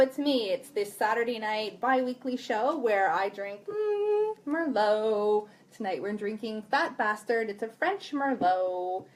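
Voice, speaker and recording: Woman host, live-stream chat. Chatty, giggly, talks to viewers, faint background hiss. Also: medium pitch.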